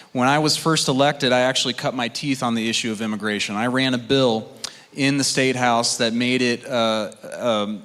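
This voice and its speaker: A man's voice: medium pitch, a bit bright. A man running for office, answering at a candidate forum in combative, rallying campaign rhetoric. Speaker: political candidate. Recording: long hall reverb.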